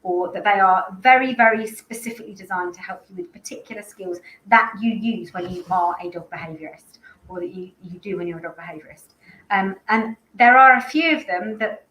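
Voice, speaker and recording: A woman's voice: mid-range voice, fairly quick, a bit bright. Chatty woman in an echoey room. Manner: chatty, rambling with restarts and asides. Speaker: dog behaviour school host. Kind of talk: casual live-stream chat. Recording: echoey room with faint ambience.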